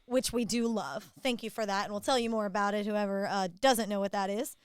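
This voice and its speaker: A woman's voice: medium pitch, steady tone, brisk, clean tone, dry recording, studio quality. A woman co-hosting a sports talk show, bantering playfully with her co-hosts.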